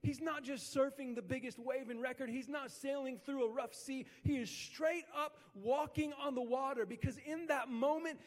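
High-voiced pastor preaching in a hall. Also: male voice. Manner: conversational, animated storytelling with slang. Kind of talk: sermon. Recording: long hall reverb.

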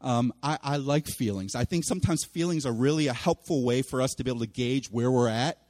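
A man preaching a sermon as pastor in a church, animated and acting out the voices of people he quotes. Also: medium pitch, a little fast, big-room sound. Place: church sanctuary.

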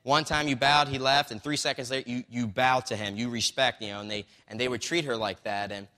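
A man's voice: mid-range voice, fairly even intonation, a little fast, sharp tone. A man retelling a story in a sermon, reading bits from a book, in a loose conversational way with many fillers and restarts. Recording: long reverb of a hall.

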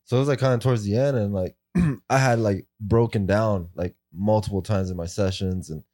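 A man's voice: lowish voice, normal speed, darkish tone, dry recording. A man telling a story in casual chat, rambling with many fillers and swearing.

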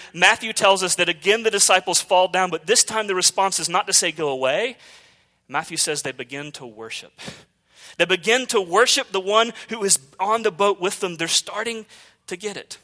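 Guy preaching a sermon, fairly high voice, really bright and punchy, storytelling mode. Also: a little fast. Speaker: pastor.

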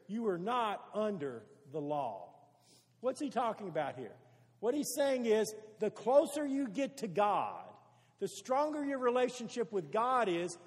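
A man's voice: high voice, long reverb tail. A man preaching a sermon as pastor, earnest and stacking repeated phrases for emphasis.

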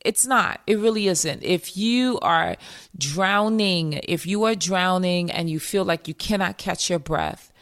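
A woman's voice: lowish voice, a little slow, fairly bright tone. A woman mental health therapist hosting a motivational podcast, speaking emphatically, repeating key phrases and calling her listeners "my friends.".

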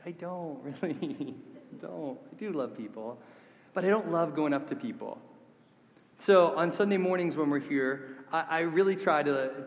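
A man's voice: mid-range voice, big-room sound. A man preaching a sermon, earnest and conversational, mixing scripture with personal stories. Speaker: pastor.

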